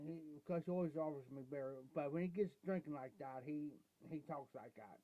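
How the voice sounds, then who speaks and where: A man's voice: a little high, normal speed. Rambling man on a dull lo-fi stream. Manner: rambling, repeats "I said", salty slang. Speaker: live streamer. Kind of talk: casual personal storytelling.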